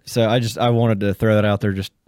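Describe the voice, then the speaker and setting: A man's voice: on the low side, flat delivery, brisk, darkish tone, no room sound, studio quality. A young man co-hosting a casual podcast, bantering and joking playfully. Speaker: podcast co-host. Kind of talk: casual chat.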